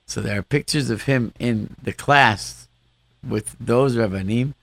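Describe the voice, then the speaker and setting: A man's voice: mid-range voice, measured pace, fairly bright tone, dry recording. A man in casual conversation, reminiscing and sprinkling Hebrew religious terms into his English. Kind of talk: casual chat.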